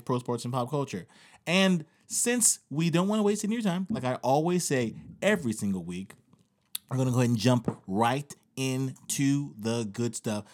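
A man co-hosting a casual podcast, teasing his friend in quick, playful banter. His voice sits in an ordinary middle pitch for a man. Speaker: podcast co-host. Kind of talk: casual chat.

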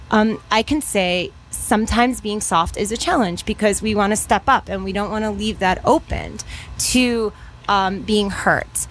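A woman from New Mexico moderating a panel, talking in an earnest, animated storytelling way. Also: mid-range voice, slight background noise. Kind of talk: casual panel talk.

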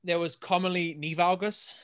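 A man's voice: sits high, flat delivery, normal speed, fairly bright tone, clear, resonant tone. A young man from England, co-hosting a casual podcast and explaining a sports injury study in a chatty way, often restarting his sentences. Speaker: podcast co-host.

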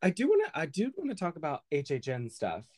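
A man's voice: fairly high pitch, huge pitch swings, fast, a little mellow. A man hosting a podcast, chatting casually and playfully, giggling often. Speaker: podcast host.

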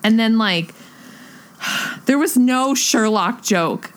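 A young woman chatting casually and excitedly about a film, gushing, with lots of "like" fillers. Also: a little high, takes it slowly.

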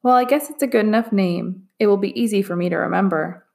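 A kind young girl from a storybook, friendly and reassuring, voiced by a woman reading aloud. Her voice has a gravelly edge. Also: medium pitch, fast, darkish tone, close to an everyday voice.

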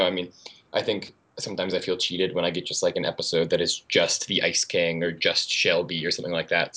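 A man who is a guest on a podcast, chatting quickly and eagerly about an episode. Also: low voice, fairly bright tone. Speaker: guest contributor. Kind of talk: casual podcast chat.

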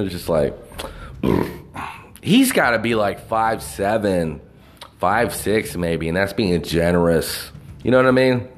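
A man ranting casually about movies, profane and rambling, with lots of fillers and restarts. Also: on the low side. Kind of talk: casual movie review rant.

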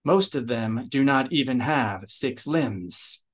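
A man reading aloud, voicing a blunt female reptilian warrior with a rasping voice, slightly lower and slower than his narration. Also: expressive. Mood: gruff.

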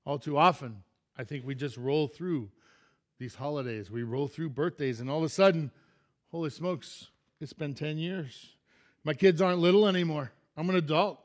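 A middle-aged male pastor giving a sermon, telling a folksy story that keeps surging into excitement. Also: on the high side, moderate pace.

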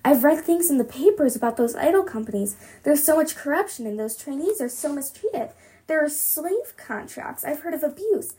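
A woman's voice: high voice, expressive, moderate pace, mellow, pitched above the performer's own voice. A woman reading aloud, voicing a concerned middle-aged father who sounds earnest and worried.

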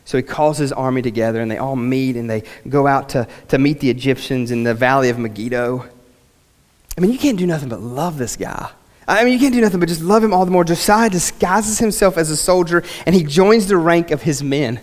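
A man preaching a sermon in a church with passion, swinging between loud and hushed and often saying "I mean.". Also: a little high, a little fast. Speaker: pastor. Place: church sanctuary. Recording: long reverb of a church hall.

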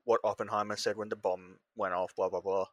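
A man's voice: fairly low pitch, flat delivery, fairly quick, no room sound. A young man co-hosting a podcast, joking in casual banter with a sardonic edge. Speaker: podcast co-host.

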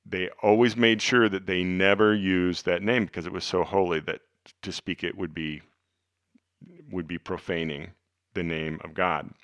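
A man hosting a podcast, teaching the Bible in an earnest, conversational way, dropping to hushed tones for emphasis. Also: sits low, steady tone, moderate pace, no room sound. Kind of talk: casual teaching talk.

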